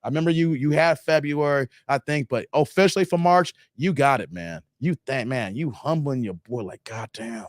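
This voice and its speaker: Man, livestream host, fairly high voice, dry close sound, playful, laughs a lot. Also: expressive, moderate pace, hardly any pauses, no room sound. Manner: playful, laughs often, calls viewers "man" and "y'all". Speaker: livestream host reading chat donations. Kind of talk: casual livestream chat.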